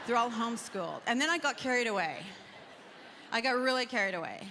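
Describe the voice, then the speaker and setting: A woman with a fairly high voice tells conversational stand-up stories from a live stage, acting out quick exchanges. Her voice carries a long reverb tail from the hall. Steady noise from the room sits underneath. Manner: conversational, acts out quoted exchanges. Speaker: stand-up comedian. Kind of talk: stand-up comedy set. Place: live comedy festival stage.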